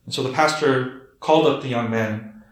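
Earnest pastor telling a story, roomy echo. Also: male voice, normal speed. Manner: earnest, drops to soft low tones for emphasis. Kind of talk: storytelling sermon.

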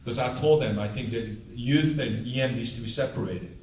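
A man preaching a storytelling sermon as a pastor, acting out conversations with lively jumps in his voice. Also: a little fast, a little hiss or hum. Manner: animated, acts out dialogue with big pitch jumps. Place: church sanctuary, heard from afar. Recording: echoey room, distant mic.

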